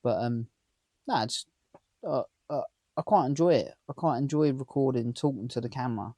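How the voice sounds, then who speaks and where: A man's voice: mid-range voice, moderate pace, mellow, dry recording. Man, 30s, London-area accent, mid-range voice, dry close sound, rambling vlog chat from a van. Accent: southern English, London area. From England. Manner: rambling, chatty, asks viewers questions. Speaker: vlogger. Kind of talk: casual chat to camera. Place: inside a parked camper van.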